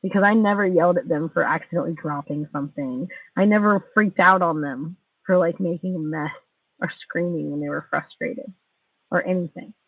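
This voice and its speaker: A woman's voice: on the low side, brisk, slightly rough, no echo. Angry, profane woman venting on a livestream. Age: 40s. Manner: bitter, sarcastic, profane. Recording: tinny distant phone mic.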